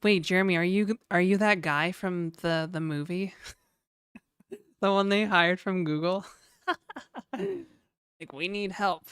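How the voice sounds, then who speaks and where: A woman's voice: on the low side, animated, slow, pauses often, fairly bright tone, clean tone, dry recording, clean studio sound. A woman streaming live, chatting casually and rambling while reading out chat messages.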